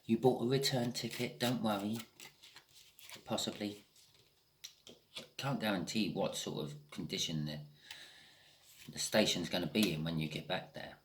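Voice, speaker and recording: A man's voice: fairly low pitch, fairly even intonation, unhurried, long pauses, a little hiss or hum. A man giving a casual tarot reading, thinking aloud with frequent restarts and the odd swear word. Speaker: tarot reader.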